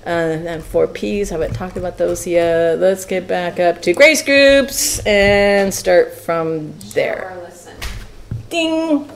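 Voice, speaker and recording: A woman teaching a church Bible study class, talking in a lively, playful way with frequent laughs and asides. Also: on the low side, slow pace, vocal fry.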